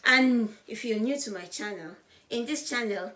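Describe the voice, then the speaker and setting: A woman vlogging to camera, loud and bubbly, with a voice she calls high and loud. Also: normal speed. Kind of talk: casual vlog to camera.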